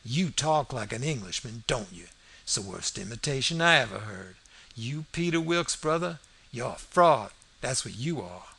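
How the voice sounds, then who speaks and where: A man's voice: medium pitch, animated, normal speed, gravelly, bright, forceful tone, husky, exaggerated voice. A man reading the part of an honest older male doctor who sternly accuses and warns. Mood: indignant.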